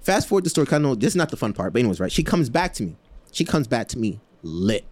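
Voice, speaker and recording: A man's voice: mid-range voice, fast. A man telling a story in casual podcast chat, talking loosely with plenty of slang and fillers and acting out the people he quotes. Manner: animated, acts out quoted voices, laughs often; loose slang-heavy talk with frequent fillers.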